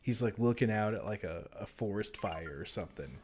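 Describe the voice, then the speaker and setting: A man with a fairly low voice chats casually while he streams a game. He rambles from one story to the next and laughs through his own jokes. Game music plays clearly underneath. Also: lively intonation, fairly quick, darkish tone. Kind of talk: casual live-stream chat.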